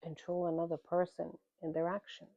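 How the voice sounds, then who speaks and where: A woman with a low voice gives a tarot reading straight to the viewer, direct and plain-spoken. Her sound is thin and tinny, like it is coming through a phone, and the room has almost no echo. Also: completely flat delivery, a little fast, vocal fry. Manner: direct, plain-spoken, calls the listener "man" and "honey". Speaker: tarot reader.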